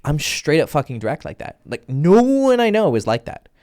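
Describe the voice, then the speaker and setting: A man's voice: a little high, sing-song, moderate pace, a little mellow. A man giving dating advice in a casual, blunt and profane way, often acting out both sides of a conversation. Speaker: dating coach. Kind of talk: casual instructional talk.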